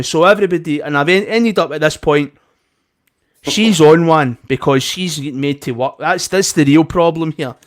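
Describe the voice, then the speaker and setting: Animated Scottish man telling a story. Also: fairly high pitch. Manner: animated, swears freely, acts out both sides of an argument. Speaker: podcast co-host. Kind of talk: casual storytelling chat.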